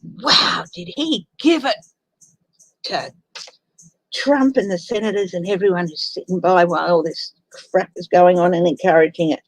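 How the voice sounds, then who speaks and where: A tired woman with an Australian accent, chatting slowly and sighing as she greets viewers of her tarot livestream. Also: lowish voice, dry recording, low-quality recording. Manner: slow, tired, chatty, sighing between remarks. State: tired from lack of sleep. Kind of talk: casual chat with live viewers.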